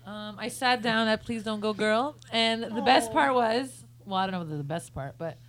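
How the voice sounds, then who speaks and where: Woman co-host, bright, fairly high voice, quick remarks. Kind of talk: casual chat.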